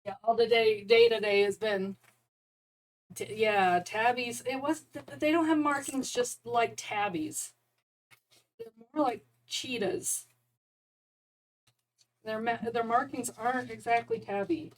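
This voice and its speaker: A woman's voice: on the high side, measured pace, long pauses, low-quality recording. A woman chatting casually and rambling, often breaking into laughter. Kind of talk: casual chat about neighborhood cats.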